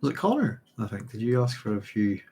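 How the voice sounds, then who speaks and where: A man's voice: on the low side, big pitch swings, a little fast, mellow, breathy edge. A man hosting a live chat, rambling and hesitant as he reads out viewer comments. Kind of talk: casual live-stream chat.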